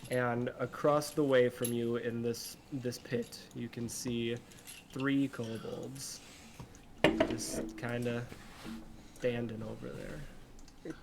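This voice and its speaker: A man running a tabletop game, narrating scenes in an easygoing voice that stumbles and restarts. His pitch sits in the middle, and there is a clear noisy hiss behind him. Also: slow pace, long pauses. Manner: relaxed narration with frequent restarts. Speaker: game master.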